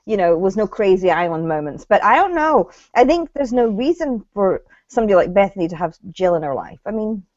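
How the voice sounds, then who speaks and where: A woman's voice: mid-range voice, very animated, a little fast, hardly any pauses, darkish tone, no echo, muffled recording. A woman co-hosting a casual chat about reality TV, blunt and opinionated, swearing freely. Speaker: co-host.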